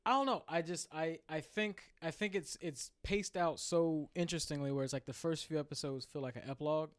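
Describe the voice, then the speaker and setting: A man co-hosting a casual podcast, retelling a story in animated, slang-filled chat. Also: fairly high pitch, brisk. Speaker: podcast co-host.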